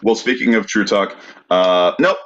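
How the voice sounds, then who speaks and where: A man with a very low voice hosts a podcast in an easygoing, halting way, stumbling over fillers as he reads from a list. The recording sounds dull and lo-fi. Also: animated, a bit bright, a little hiss or hum. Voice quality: halting, with many fillers when reading. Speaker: podcast host, researcher. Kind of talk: casual podcast chat, reading a list of sources.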